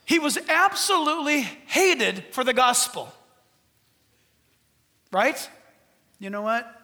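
Animated high-voiced male pastor preaching. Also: slow. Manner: animated, swings from shouting to hushed asides. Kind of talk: sermon.

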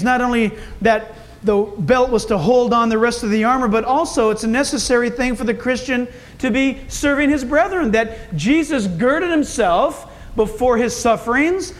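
Male pastor, high voice, chatty folksy sermon delivery. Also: slight background noise. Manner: folksy, conversational preaching with asides to the congregation.

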